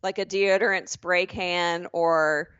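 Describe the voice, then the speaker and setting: A woman co-hosting a podcast in casual chat, trading quick, joking banter and laughing often. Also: lowish voice, steady tone, fairly bright tone, clear, resonant tone, no room sound, lo-fi sound. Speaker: podcast co-host.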